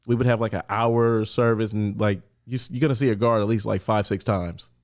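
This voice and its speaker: In a lowish voice at a fairly quick pace, a man from Los Angeles narrates his story on a podcast. He's animated and chatty, frequently saying "like" and mimicking the voices of those he quotes.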